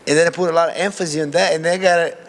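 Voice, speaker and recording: Speaking in a slightly high voice at a racing pace, a man from Brazil with a Brazilian Portuguese accent answers the press as a fighter. He gets animated, performing his own reactions in quotes.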